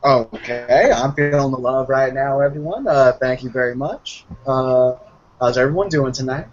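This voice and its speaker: A man's voice: mid-range voice, moderate pace. A man running an online tabletop role-play as game master, joking and easily flustered. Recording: muffled voice chat with faint noise.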